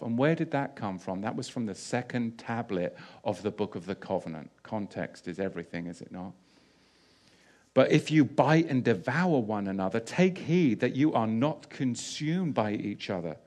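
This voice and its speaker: A man preaching a sermon, mixing loud emphatic bursts with quieter scripture reading, full of rhetorical questions and repeated phrases. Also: mid-range voice.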